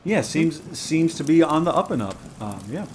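A man's voice: fairly high pitch, very animated, normal speed, a little hiss or hum. A man playing a tabletop game, laughing and exclaiming. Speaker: player.

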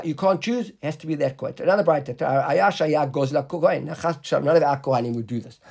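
A man teaching a Talmud class to students in the room, reading the Aramaic text slowly and then explaining it in English, often checking in with questions. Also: a little high, darkish tone.

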